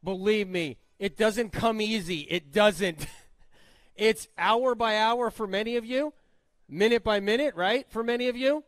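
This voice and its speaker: A man with a high voice greets a live audience as the event's host. He talks with feeling, repeats words and laughs often. His voice sounds dry and close to the mic. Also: a little slow, no room sound. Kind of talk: live stage welcome speech.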